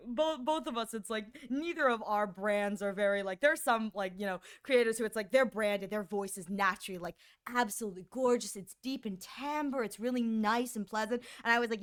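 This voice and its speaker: Chatting with her stream's viewers, a young woman rambles with lots of energy, often stumbling and starting her words over. Her voice, which she calls shrill, has a clear, resonant tone, and she speaks a little fast.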